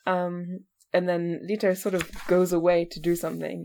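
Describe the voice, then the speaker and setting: Chatty low-voiced woman. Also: level tone, normal speed, creaky, darkish tone, slight background noise. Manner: chatty, laughs often, swears casually. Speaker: podcast co-host. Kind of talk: casual book discussion.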